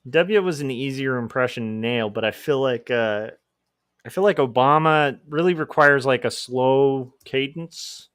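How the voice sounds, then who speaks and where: A man's voice: mid-range voice, measured pace, fairly bright tone, clear, resonant tone. A man chats loosely on a livestream while he draws comics, often poking fun at himself. His voice sits mid-range for a man. The sound is dry and close, with no room echo. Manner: rambling and self-deprecating, with laughs. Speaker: livestream host and comic artist. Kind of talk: casual livestream chat.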